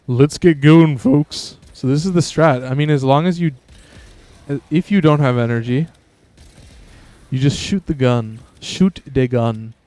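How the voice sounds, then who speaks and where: Slow-talking man commenting on his game. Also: mid-range voice, darkish tone, dry recording. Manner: profane, self-amused, rambling. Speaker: gaming streamer. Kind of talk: casual gameplay commentary.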